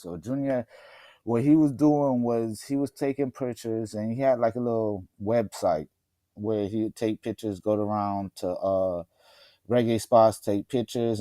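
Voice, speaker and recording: A man's voice: on the low side, a little mellow, no echo, studio quality. A middle-aged man from Miami in casual podcast chat, telling stories animatedly and laughing often. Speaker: podcast co-host.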